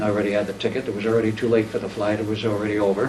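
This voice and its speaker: A man's voice: on the low side, rapid-fire, hardly any pauses. A man casually telling a long, rambling personal story in a living-room chat, acting out the dialogue as he goes. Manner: rambling, animated, acts out quoted dialogue. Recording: roomy, distant mic, faint background noise.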